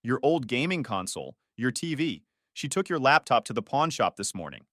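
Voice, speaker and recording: A man's voice: medium pitch, sing-song, a bit bright, no echo, clean studio sound. A man voicing a worried young woman, a sister who talks anxiously and in a hurry. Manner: anxious, hurried.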